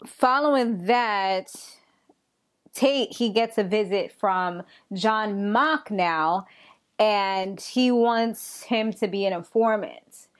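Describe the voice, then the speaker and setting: A young woman casually recapping a TV episode in an animated, slangy way. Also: mid-range voice, takes it slowly. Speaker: TV recap vlogger.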